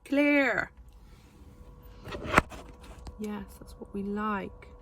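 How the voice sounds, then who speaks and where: A woman's voice: medium pitch, extremely slow, heavy background noise. A woman chatting casually in a vlog from inside a car, filling her talk with "like" and dry, self-mocking asides. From England. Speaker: beauty student reviewing lipstick.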